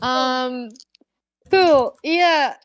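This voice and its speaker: A woman narrates a tabletop game as game master, her voice sitting a little high. She talks in a halting, hesitant way, full of fillers and restarts. The sound is dry and close. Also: no echo. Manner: hesitant, many ums and likes.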